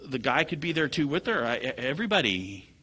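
A man preaching a sermon, telling stories with animated swings from low murmurs to loud high bursts. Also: a little fast. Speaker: pastor.

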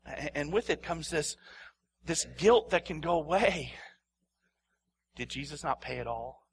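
A man preaching a sermon as pastor. He swings between loud, emphatic lines and hushed near-whispers, laughs often, and repeats phrases for effect. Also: fairly high pitch, lively intonation, unhurried, pauses often.

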